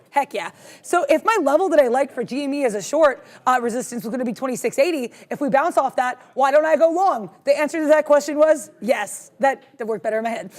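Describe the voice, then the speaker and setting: A woman co-hosting a live trading show, chatty and bubbly, fond of puns, reading chat and giving market commentary. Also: high voice. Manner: bubbly, talks fast, loves puns. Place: studio with green screen.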